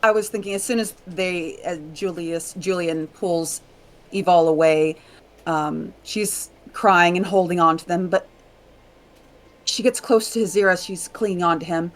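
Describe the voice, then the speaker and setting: A woman player in a tabletop game, describing actions haltingly. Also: lowish voice, fairly even intonation. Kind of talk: tabletop role-play.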